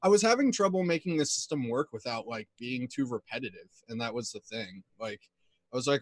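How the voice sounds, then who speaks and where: A man with a mid-range voice talks about running games in a relaxed, rambling way. He slips into short quoted asides as he tells it. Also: medium pitch, a little fast, no room sound. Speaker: player and game master of another campaign. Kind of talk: casual chat before a tabletop game.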